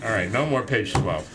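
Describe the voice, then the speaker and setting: A man's voice: on the low side, very noisy. A man reading aloud from his own book to a live audience, breaking off for self-deprecating jokes. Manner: self-deprecating, joking asides. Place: indoor room with an audience.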